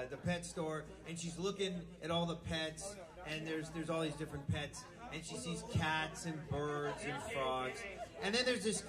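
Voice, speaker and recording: High-voiced man telling jokes in a noisy club. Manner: rambling, stumbling restarts, chuckling between lines. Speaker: stand-up comedian. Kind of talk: live stand-up joke telling. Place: live music venue. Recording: live club recording with audience noise.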